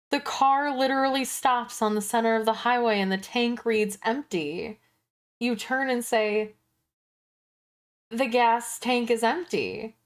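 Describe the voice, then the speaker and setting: A woman streamer in casual chat, joking wryly and apologising offhandedly. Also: on the high side. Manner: unhurried, wry and joking.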